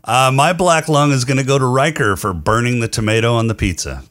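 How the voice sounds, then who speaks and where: Male host, mid pitch, brief moderating lines, dry close mic. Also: a little fast, a bit bright, no room sound. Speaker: podcast host. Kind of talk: casual chat.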